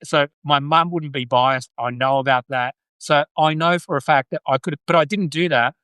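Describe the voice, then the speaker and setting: A man's voice: on the high side, normal speed, fairly bright tone, dry recording. An Australian man hosting a casual live stream, chatty and joking, with many restarts. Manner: joking, chatty, many restarts, reads viewer comments aloud. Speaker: podcast host.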